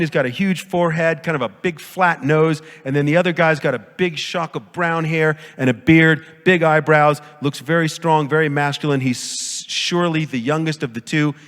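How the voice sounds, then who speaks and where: A man giving a conference lecture as a professor, lively and jokey, often acting out quoted voices. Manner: animated, jokey, acts out quotes with big pitch jumps. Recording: long hall reverb.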